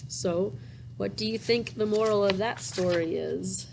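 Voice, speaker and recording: Gentle woman reading a storybook aloud. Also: mid-range voice, a little slow, gravelly, noisy background. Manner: gentle, explains things to children with fillers. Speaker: storybook reader. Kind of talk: reading a children's book aloud.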